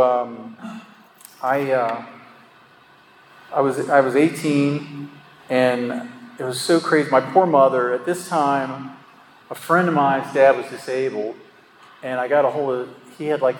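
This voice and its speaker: A man's voice: medium pitch, steady tone, measured pace, long pauses. A man telling his own story at a recovery meeting, rambling and self-deprecating, with lots of fillers and chuckles. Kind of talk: candid personal storytelling. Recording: echoey hall with faint ambient noise.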